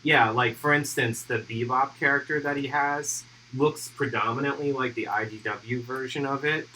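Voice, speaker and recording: Relaxed despite his hiccups, a man with a mid-range voice hosts a hobby painting livestream, explaining his airbrush steps at a moderate pace while he works. He thinks aloud, and the rough recording carries slight background noise.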